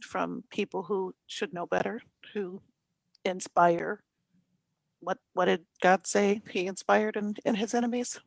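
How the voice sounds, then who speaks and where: A woman's voice: mid-range voice, fairly even intonation, measured pace, gravelly, no echo. A woman co-hosting a Bible study, talking reflectively and searching for her words. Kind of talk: reflective conversation.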